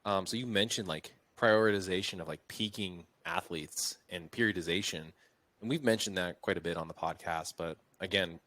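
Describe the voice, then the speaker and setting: A man's voice: low-pitched, normal speed, a bit bright, dry recording. A man hosting a podcast interview, chatting casually and rambling with many fillers. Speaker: podcast host.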